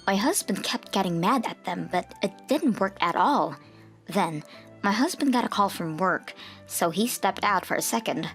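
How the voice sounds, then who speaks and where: A woman narrating a manga dub, telling the story earnestly and turning hushed at tense moments. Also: medium pitch, expressive, normal speed, soft background music.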